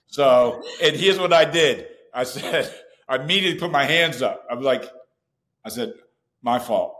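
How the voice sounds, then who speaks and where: A man tells a personal story as a podcast guest, animated and slipping into the voices of his own past dialogue. His voice sits in a middle pitch. The room around him is echoey.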